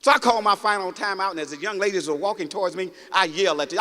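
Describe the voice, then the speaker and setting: A man with a high, bright, ringing voice delivers a motivational talk to a packed auditorium. He speaks in a storytelling, preachy way and keeps calling out to the crowd. His words carry a long echo through the hall, and audience laughter rises now and then. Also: fast talker, few pauses. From Mississippi, United States. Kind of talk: motivational speech. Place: large auditorium.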